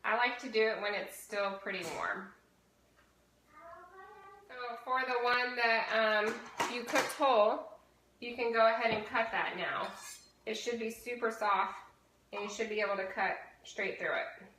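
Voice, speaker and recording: Woman host, bright and clear, chatty step-by-step cooking demo, echoey kitchen with light hiss. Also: on the high side, measured pace. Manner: chatty, instructive, frequent "okay?" check-ins. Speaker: fitness challenge host. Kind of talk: casual cooking demonstration.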